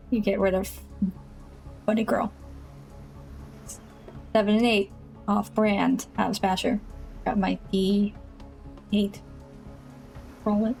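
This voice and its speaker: A woman's voice: medium pitch, vocal fry, poor audio. A woman streaming a dating game, chatting casually, playful and dramatically whiny, mocking herself. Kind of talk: casual live-stream gameplay commentary.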